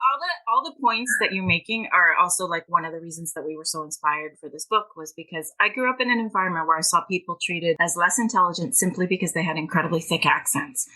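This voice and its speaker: A woman's voice: lowish voice, fast talker, few pauses, pushed and bright, low-quality recording. A woman, a guest author and language teacher, talking emphatically and at length in a podcast interview. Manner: passionate, emphatic and talkative.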